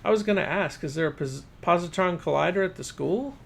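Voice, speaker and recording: A man's voice: high-pitched, fairly quick, vocal fry, slight background noise, pitched above the performer's own voice. A man voicing a formal, brainy new boy who talks about science with precise wording.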